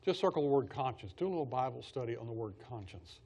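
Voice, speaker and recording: A man's voice: mid-range voice, lively intonation, fast, vocal fry, darkish tone, slightly rough. A man teaching a Bible study class in a conversational way, repeating key phrases for emphasis.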